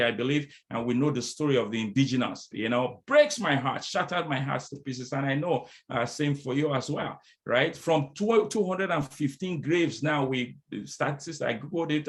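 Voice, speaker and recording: A man's voice: medium pitch, animated, normal speed, hardly any pauses. Middle-aged man giving a rousing diversity talk. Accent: French-speaking. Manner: preacher-like call and response with repeated phrases. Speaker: diversity consultant and speaker. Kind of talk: motivational conference talk.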